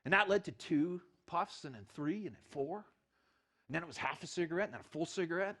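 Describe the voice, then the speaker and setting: Animated storytelling preacher, lively high voice. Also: male voice, a little fast. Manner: animated storytelling with acted-out quotes. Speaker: pastor. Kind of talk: sermon.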